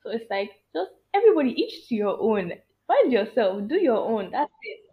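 An animated, emphatic woman chatting as a podcast guest, laughing often. Her voice comes through a thin, phone-like line. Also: a little high, normal speed. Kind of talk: casual chat. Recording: tinny phone-like sound.

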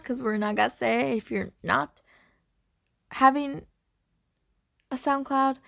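In a studio-quality, dry recording, a young woman runs a casual, unedited podcast of her own. She sounds a little high and creaky, and her talk comes across as scatterbrained and apologetic.

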